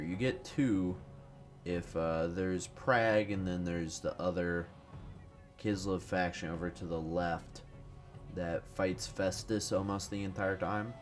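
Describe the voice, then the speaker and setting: Deep-voiced man rambling over gameplay. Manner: rambling, profane, self-deprecating. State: tired, no morning caffeine. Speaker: gaming commentator. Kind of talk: casual gameplay commentary.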